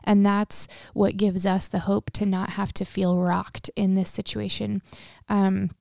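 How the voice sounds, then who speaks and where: A young woman talks earnestly and a bit tearfully, full of little fillers. Her voice is gravelly and mellow, with a flat, even melody. The sound is dry and close. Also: mid-range voice, measured pace, dry recording. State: tearful, emotional. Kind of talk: casual faith conversation.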